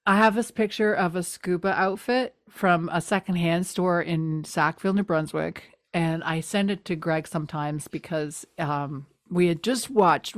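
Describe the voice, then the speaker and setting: A woman's voice: lowish voice, no echo, clean studio sound. A woman co-hosting a podcast, chatting casually and animatedly as she recaps a TV episode. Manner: chatty, animated retelling with playful voices. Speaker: podcast co-host.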